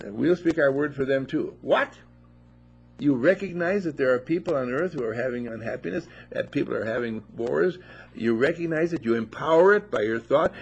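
A man giving an informal spiritual talk to a small group at a monastery, animated and playful, full of rhetorical questions. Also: mid-range voice, a little hiss or hum. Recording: dull lo-fi recording.

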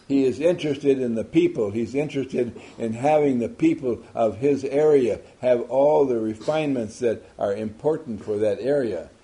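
A man's voice: medium pitch, warm tone. A man giving an emphatic motivational talk to a group, asking many rhetorical questions. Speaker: motivational speaker.

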